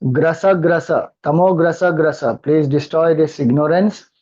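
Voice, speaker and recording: A man with an Indian English accent giving a scripture discourse, chanting mantras slowly and then explaining them. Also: a little high, warm tone, highs cut off. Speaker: spiritual teacher.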